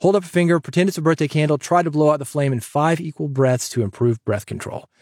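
A man hosting a podcast, giving advice in an energetic, chatty way that jokes with the listener. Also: fairly high pitch, quick pace, no echo, clean studio sound. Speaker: podcast host and coach.

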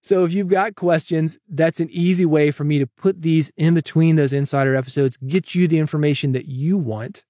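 A man's voice: medium pitch, mellow, no echo, clean studio sound. A man hosting his own podcast, talking solo to listeners in a conversational, emphatic way that leans on repetition. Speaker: podcast host.

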